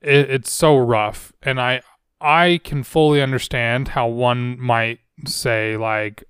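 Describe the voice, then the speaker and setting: A man's voice: medium pitch, steady tone, slow pace, clear, resonant tone, dry recording. A young man hosting a solo podcast, talking earnestly and searchingly into a close microphone. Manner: earnest, searching, soft-spoken. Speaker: podcast host. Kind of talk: solo reflective podcast talk.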